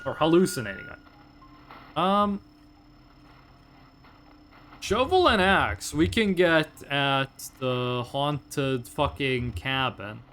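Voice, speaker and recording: A man's voice: fairly high pitch, expressive, extremely slow, pauses often, a bit bright. A man in his twenties chatting casually and profanely with his chat while streaming a game. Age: 20s. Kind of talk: casual live game commentary.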